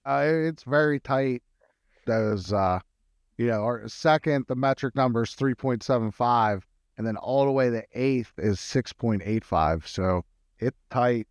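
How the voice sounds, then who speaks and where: Man, smooth clear voice, analytical co-host, casual betting talk, dry sound. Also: mid-range voice, unhurried, no echo. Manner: analytical, many fillers and restarts. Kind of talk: casual sports betting chat.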